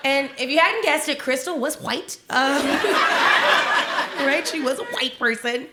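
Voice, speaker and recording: A woman comedian performing a stand-up set on a club stage, chatty and animated with lots of "like". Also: sits high, normal speed. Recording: echoey live club, loud background noise. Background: audience laughter.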